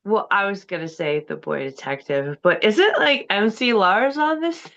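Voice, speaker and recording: A woman co-hosting a casual chat, soft-spoken and hoarse as she loses her voice. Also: mid-range voice, expressive, moderate pace. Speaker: co-host. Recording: dull lo-fi sound.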